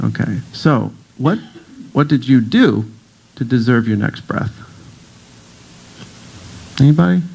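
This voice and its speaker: A middle-aged man with a gravelly edge gives a casual talk to a church audience. He is a playful storyteller who slips into other people's voices for laughs. His pitch sits in the middle of the range. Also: lively intonation, slow, pauses often, a little mellow, low-quality recording. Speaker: guest speaker, breathwork teacher. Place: congregation hall.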